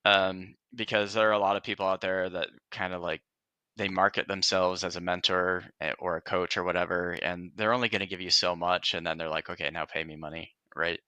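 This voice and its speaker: A man's voice: low-pitched, level tone, fairly quick, sharp tone, clean tone, no echo, lo-fi sound. A man talking about his career as a podcast guest, earnest and reflective, with frequent fillers and restarts. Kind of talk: casual interview conversation.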